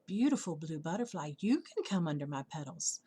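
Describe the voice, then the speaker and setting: A woman voicing a kind blue hydrangea flower in a told story, speaking softly and sweetly, then firmly. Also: low voice, big pitch swings, brisk, husky, pitched below the performer's own voice, heavily acted. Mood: refusing.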